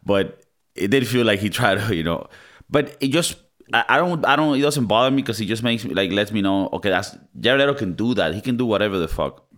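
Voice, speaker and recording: A man with a fairly low voice co-hosts a loose movie review chat. He talks in an animated way, swears freely and slips into mock voices to make a point. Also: a little fast. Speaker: podcast co-host.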